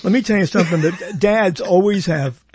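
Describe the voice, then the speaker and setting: Host type: rambling, jokey man, high and husky, dry close sound. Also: moderate pace, a little mellow, dry recording. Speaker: talk show host. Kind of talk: casual live internet talk show.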